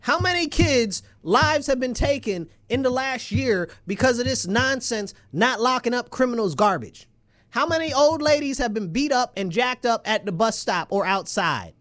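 Man, very high voice, agitated political rant, emphatic, repeats himself, rhetorical questions. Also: fairly bright tone. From New York State. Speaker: local political commentator.

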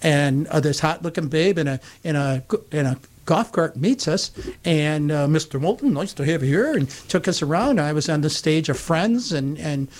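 A man from upstate New York on a radio show, telling a long anecdote in a casual, animated way and acting out the quotes. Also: fairly high pitch, moderate pace. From Utica, New York. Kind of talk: casual storytelling.

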